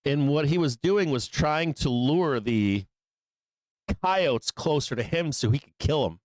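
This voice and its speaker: A man's voice: on the high side, expressive, unhurried, darkish tone, no echo. A man hosting a live trading show, telling a long story in a casual, profane, rambling way, laughing often between lines. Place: studio office.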